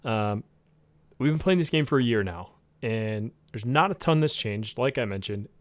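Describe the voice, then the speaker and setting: A man co-hosting a casual gaming podcast, talking in a rambling way with lots of fillers and getting excited about the game. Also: medium pitch, normal speed, no echo. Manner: rambling, with many fillers and restarts. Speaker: podcast co-host.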